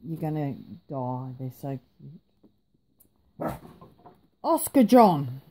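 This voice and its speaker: Tired woman vlogger, chatty and rambling, slow and mellow, lowish voice. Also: sing-song. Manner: chatty, rambling, self-mocking. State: tired, yawning. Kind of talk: casual chat.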